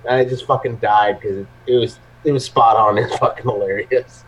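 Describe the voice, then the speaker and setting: A man's voice: mid-range voice, fairly even intonation, moderate pace. A man hosting a live show in casual chat, telling funny stories full of laughs and constant swearing. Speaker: host of a live vaping show. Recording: muffled lo-fi audio.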